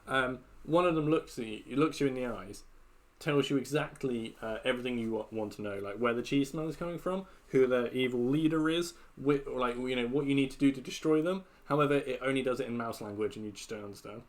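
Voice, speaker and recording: A man's voice: mid-range voice, fairly quick. A man running a tabletop game on a live stream, talking in loose, rambling sentences with fillers. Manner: rambling with many fillers and restarts. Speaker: game master.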